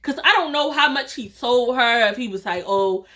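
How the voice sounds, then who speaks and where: A woman vlogger telling a storytime tale in a lively way, often acting out what people said and laughing. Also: sits high, normal speed. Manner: animated, quotes dialogue, laughs often. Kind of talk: storytime vlog.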